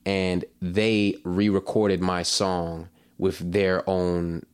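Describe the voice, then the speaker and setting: A man's voice: deep voice, flat delivery, drawn-out words, smooth. A man chatting as a musician guest in an interview, loose and rambling, full of fillers like "like" and "you know". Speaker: singer-songwriter guest. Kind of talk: casual interview chat.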